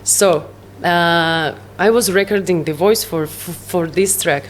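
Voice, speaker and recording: A woman with a Russian accent talking as a guest in a casual interview. Her first language is Russian, and she talks haltingly, hunting for English words and laughing often. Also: on the low side, slight background noise. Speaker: psytrance producer, guest.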